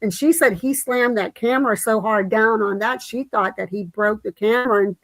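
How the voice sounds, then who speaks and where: Woman, talk show host, higher voice, dry close sound, lively storyteller. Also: moderate pace, no echo, rough recording. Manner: animated storytelling with quoted voices. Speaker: livestream host. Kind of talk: casual chat.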